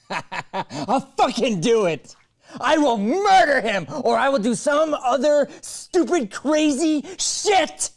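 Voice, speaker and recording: A man's voice: expressive, drawn-out words, long pauses, mellow. A man acting out a manic young woman who rants profanely and makes threats over the phone. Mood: manic fury. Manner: shrill, manic, profane ranting.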